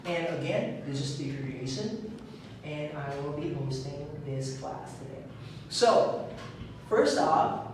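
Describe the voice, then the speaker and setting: A man teaching an online English lesson, speaking slowly and clearly and drilling the pronunciation of words one at a time. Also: a little high, expressive, very echoey, far from the mic, background noise. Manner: slow and clear, drilling words with a repeated stress.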